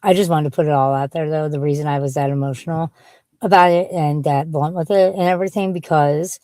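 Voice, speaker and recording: A woman's voice: deep voice, steady tone, brisk, warm tone, no room sound. Blunt, foul-mouthed woman rambling in her car. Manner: blunt, rambling, swears freely. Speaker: vlogger. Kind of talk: casual chat. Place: inside her parked car.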